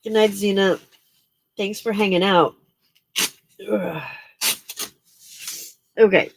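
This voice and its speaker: A woman hosts a late-night crafting livestream. She sounds tired and keeps yawning, and she talks slowly in a relaxed, chatty way, greeting viewers by name as she works. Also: medium pitch, gravelly, no echo. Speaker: livestream host.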